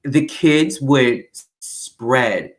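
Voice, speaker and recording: A woman with a Brooklyn accent telling stories as a guest, animated and full of acted-out quotes. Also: very slow. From Brooklyn, New York. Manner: animated storyteller, acts out quotes with big pitch swings. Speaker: guest actor. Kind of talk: casual storytelling interview.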